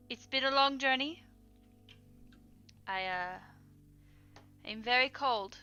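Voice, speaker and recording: Woman as a haughty hairless paladin pet, slow stately lines, dull voice-chat sound. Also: a little high, pushed and bright, clear, resonant tone, soft background music, heavily acted. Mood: weary grandeur. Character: haughty hairless polymorphed paladin, cat-like dog. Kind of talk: tabletop role-play over voice chat.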